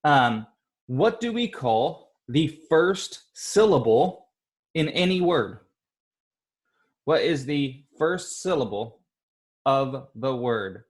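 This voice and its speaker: A male teacher leading an online class, speaking slowly and patiently and encouraging the children. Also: medium pitch. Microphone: computer mic on a video call.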